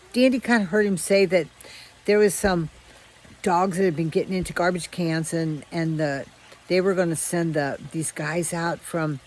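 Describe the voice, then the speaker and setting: A woman telling a children's story aloud in a relaxed, conversational way with frequent restarts. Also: on the low side, slight background noise, rough recording. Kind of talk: casual oral storytelling.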